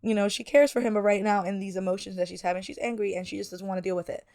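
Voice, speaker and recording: A woman's voice: mid-range voice, steady tone, rapid-fire, darkish tone, dry recording, studio quality. A woman hosting a let's play, chatting through a life-sim game with frequent fillers. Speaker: gaming channel host.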